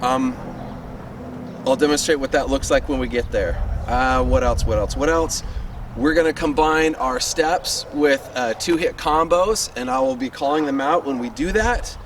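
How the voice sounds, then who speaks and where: A man's voice: fairly high pitch, lively intonation, normal speed, gravelly. A man coaching a sword fighting class outdoors in his neighborhood, upbeat and encouraging, counting out reps, a little winded. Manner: upbeat and encouraging, chatty with fillers. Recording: distant mic with loud street noise.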